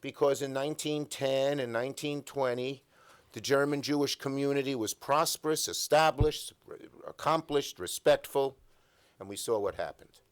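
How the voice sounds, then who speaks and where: An older man who holds elected office gives an emphatic speech at a breakfast event, speaking into a podium microphone. His voice is medium-pitched, smooth, and at a normal speed, and he tells stories while piling up repeated phrases.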